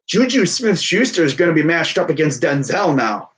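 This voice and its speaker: Young dude, kinda high voice, excitable football rant, rambly. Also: male voice, normal speed. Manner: excitable, rambling, trash-talking. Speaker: sports fan streamer. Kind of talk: casual sports talk.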